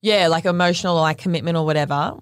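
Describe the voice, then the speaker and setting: A woman's voice: lowish voice, fairly even intonation, rapid-fire, smooth, no echo, clean studio sound. A woman in her twenties with an Australian accent, co-hosting a podcast in frank, chatty talk full of fillers. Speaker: podcast co-host. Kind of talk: casual chat.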